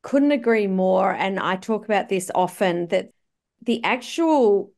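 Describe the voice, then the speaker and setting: A woman with an Australian accent hosting a podcast interview, chatty and quick to laugh. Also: medium pitch, lively intonation, vocal fry, darkish tone. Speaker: podcast host. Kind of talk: casual interview chat.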